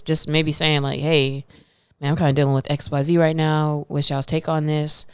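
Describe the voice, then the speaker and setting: A woman's voice: deep voice, smooth, dry recording, clean studio sound. A woman co-hosting a podcast in casual chat, laid-back and slangy, rambling along with fillers. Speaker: podcast co-host.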